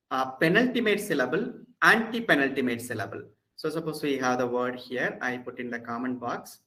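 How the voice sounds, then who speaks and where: Over a rough recording, a man with an Indian English accent delivers an online lecture on Hebrew grammar as a Bible college instructor. His voice is mid-range and a bit bright, and he patiently goes over key points again to put students at ease.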